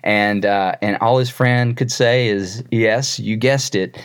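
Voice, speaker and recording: A man's voice: medium pitch, a little slow, few pauses, smooth. Earnest male preacher giving a sermon. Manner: earnest, repeats words when starting phrases; storytelling with quoted voices.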